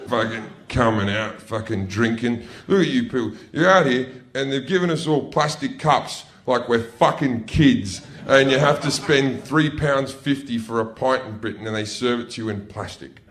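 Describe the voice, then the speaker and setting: A man's voice: medium pitch, normal speed, few pauses, fairly bright tone. A man with an Australian accent doing profane stand-up comedy on a club stage, telling a brash story to a laughing audience.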